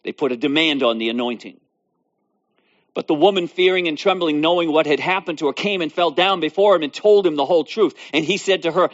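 A man's voice: on the high side, fairly quick. A man preaching a sermon, reading scripture aloud and expounding on it, repeating phrases with building emphasis. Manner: reads scripture then expounds with repetition and rising emphasis. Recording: dull lo-fi recording.

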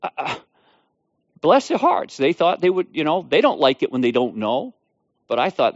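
A middle-aged man preaching, telling testimony stories in an animated, conversational way with frequent restarts. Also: on the high side, moderate pace, dry recording, lo-fi sound. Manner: animated storytelling with laughs and restarts. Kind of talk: sermon with personal testimony.

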